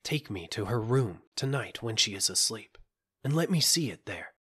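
A man's voice: lowish voice, expressive, normal speed, fairly bright tone, husky, exaggerated voice. A man doing Gervais, a loyal fired-up squire. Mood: urgent. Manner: urgent, impassioned outbursts. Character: brave loyal young male squire, anxious. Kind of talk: storybook reading.

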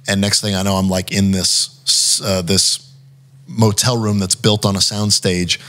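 Guy chatting on a podcast, lowish voice, tells stories and acts out quotes, lots of likes and uhs. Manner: animated, acts out quotes, frequent fillers. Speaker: podcast guest, actor. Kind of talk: casual storytelling chat.

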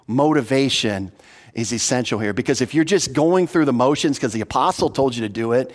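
A man's voice: mid-range voice, expressive, fairly quick. A man preaching an expository sermon as pastor, earnest and teacherly, stressing points by repeating them. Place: church hall. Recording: long hall reverb.

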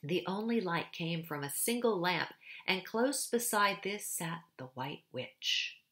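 Gentle woman storybook reader, slow, bright tone. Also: on the low side, animated. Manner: gentle, unhurried narration. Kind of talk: storybook read-aloud.

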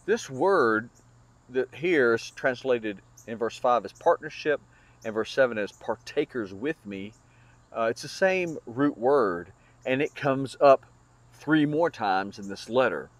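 A man's voice: mid-range voice, expressive, measured pace, no room sound. Earnest man teaching a Bible lesson. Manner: earnest, explanatory with frequent fillers and restarts.

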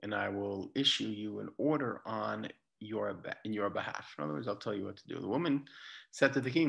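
A rabbi speaks fairly quickly in a lowish, gravelly voice that's fairly bright in tone with a breathy edge. His conversational lecture retells a Bible story, quoting its figures amid restarts, captured in a dull lo-fi recording.

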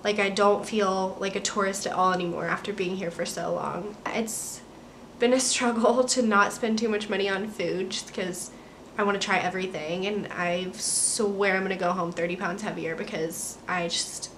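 A woman's voice: medium pitch, fairly even intonation, moderate pace, a bit bright, slight background noise. Young american girl vlogging from her apartment, bubbly, rambles, says like a lot. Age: young adult. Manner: bubbly, rambling, heavy use of "like" and "um". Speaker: vlogger, college student studying abroad. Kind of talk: casual chatty vlog update.

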